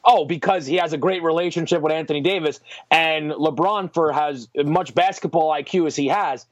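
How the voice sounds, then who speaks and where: A man's voice: a little high, moderate pace, no room sound, lo-fi sound. A man guesting on a sports podcast, chatting casually and poking fun at himself. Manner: self-deprecating, animated.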